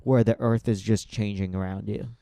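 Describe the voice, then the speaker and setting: A man's voice: fairly low pitch, fairly even intonation, moderate pace, warm tone, dry recording. A man co-hosting a podcast, rambling in casual chat with many "like"s. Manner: rambling, hedging with "like". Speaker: podcast co-host.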